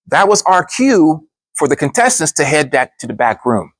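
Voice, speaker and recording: Brief: man narrating his own story, animated, quick to slip into character voices, dry close sound. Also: on the high side, no room sound. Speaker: speaker telling a personal story. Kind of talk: storytelling speech.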